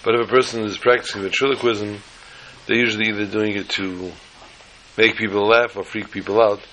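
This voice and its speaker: A man giving a storytelling sermon as a religious teacher, animated and emphatic, piling up repeated phrases. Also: lowish voice, fairly quick, slight background noise, low-quality recording.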